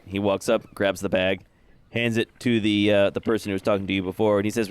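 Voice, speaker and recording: A man narrating as game master in a tabletop game, with halting delivery full of filler sounds. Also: on the low side, level tone, smooth, no echo.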